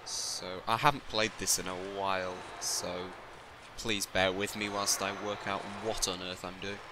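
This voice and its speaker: A man's voice: low voice, measured pace. A man giving casual, jokey gameplay commentary, rambling self-mocking asides to himself. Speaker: let's play gamer. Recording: steady background noise.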